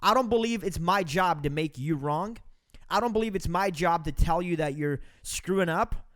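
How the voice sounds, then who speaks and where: A man's voice: high voice, moderate pace, fairly bright tone. A man hosting a podcast, giving an emphatic, preachy motivational talk to his listeners. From Romania. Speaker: podcast host. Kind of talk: motivational monologue.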